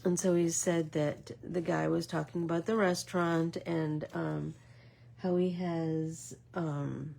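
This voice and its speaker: A middle-aged woman talks casually while she makes art, her low voice slow and unhurried. Her tone is gravelly and husky, and she rambles through her story with plenty of fillers, sometimes sinking into a whisper. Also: level tone, dark tone. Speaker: art vlogger.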